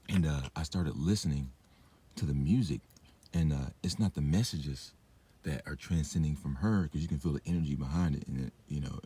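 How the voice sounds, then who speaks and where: Brief: young man, deep dark husky voice, meandering profane rant, lots of "like" and "uh", talks while drinking and smoking. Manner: meandering, profane, filler-heavy. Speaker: vlogger. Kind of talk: rambling monologue rant.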